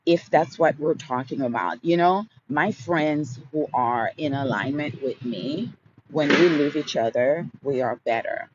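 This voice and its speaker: A man hosting a live question-and-answer stream, speaking in a slow, soothing, affirming way. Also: fairly high pitch. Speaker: livestream host. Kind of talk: motivational live Q&A. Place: outdoors. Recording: dull lo-fi sound, street noise.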